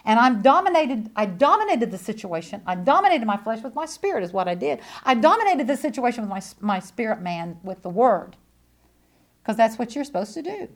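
A woman with a drawl preaches her testimony in a somewhat high voice. She is emphatic, rising to loud proclamations and dropping to quiet, intimate asides. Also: brisk. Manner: animated, emphatic, swings between loud declarations and hushed asides. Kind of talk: sermon testimony.

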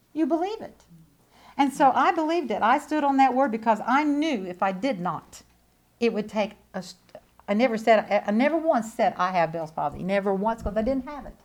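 Animated woman preaching. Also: fairly high pitch. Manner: animated, emphatic, swings between loud declarations and hushed asides. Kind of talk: sermon testimony.

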